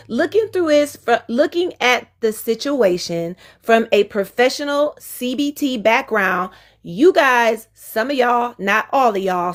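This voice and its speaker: A woman relationship coach chatting frankly on her live stream, laughing easily between exasperated asides. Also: on the high side. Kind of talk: casual live-stream talk.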